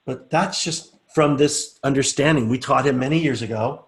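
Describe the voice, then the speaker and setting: A middle-aged man teaching a live online class, chatting casually and then talking the group slowly through a relaxation exercise. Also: mid-range voice. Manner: relaxed, coaxing, speaks slowly and softly when guiding. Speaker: teacher leading a group session.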